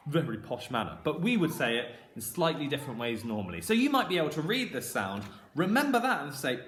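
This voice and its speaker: A man teaching a phonics lesson to young children with a regional English accent, sounding out words slowly and stretching each sound. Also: a little high, big pitch swings, fairly bright tone. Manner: slow, drawn-out sounding out of words. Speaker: primary school teacher. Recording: roomy echo with faint noise.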